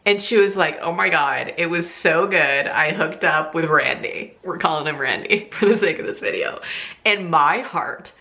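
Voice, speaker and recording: A young woman vlogger telling a casual storytime, animated and laughing often, swearing freely and squealing high on quoted lines.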